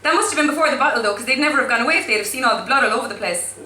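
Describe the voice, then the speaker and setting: Brief: woman voicing a brash teen girl, thick Cork City accent, loud bragging storyteller, bright tone. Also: high voice, animated, very fast, echoey room, far from the mic, slight background noise. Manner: swaggering, swearing, rambling storytelling. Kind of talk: flash fiction read aloud.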